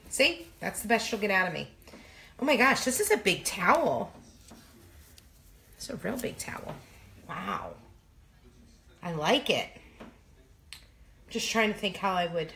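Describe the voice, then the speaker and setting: A woman's voice: mid-range voice, gravelly, a bit bright, slight background noise. A woman hosting a crafting livestream, chatting casually and greeting viewers by name in a bubbly, talkative way.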